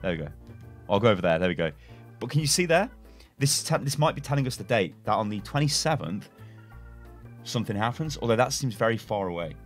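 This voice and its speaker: A man's voice: on the low side, very animated, fast, long pauses, soft background music. A young man, a gaming YouTuber, casually reading game lore aloud and speculating, rambling with self-corrections and chuckles, at a desk webcam setup.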